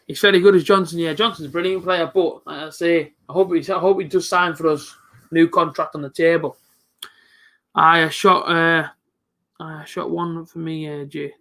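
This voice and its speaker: A man's voice: fairly high pitch, steady tone, normal speed, bright, forceful tone. A young man giving live reaction commentary on a football match, chatty and openly frustrated. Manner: chatty, frustrated, talks back to off-mic friend. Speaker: football fan streamer.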